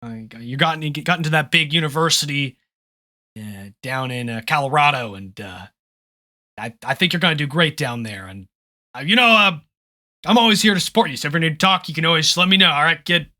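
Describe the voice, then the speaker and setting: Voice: mid-range voice, lively intonation, brisk, pushed and bright. A game master voicing a supportive father in his late forties who talks casually, with friendly fumbling. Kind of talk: tabletop role-play character voice.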